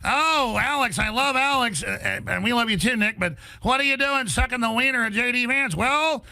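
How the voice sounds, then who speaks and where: A man's voice: extremely high pitch, normal speed, bright, forceful tone. A man ranting as a political talk show host in a played clip, emphatic and insistent.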